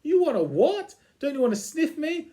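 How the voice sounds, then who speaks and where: A man voicing an eager, scruffy male dog-man with a high, excitable voice. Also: moderate pace. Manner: high and excitable, pitched well above his own voice.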